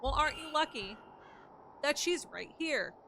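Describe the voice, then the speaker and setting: A woman's voice: sits high, lively intonation, measured pace, sharp tone, a little hiss or hum. A woman hosting a casual gaming live stream, chatting and greeting viewers in a bubbly, welcoming way.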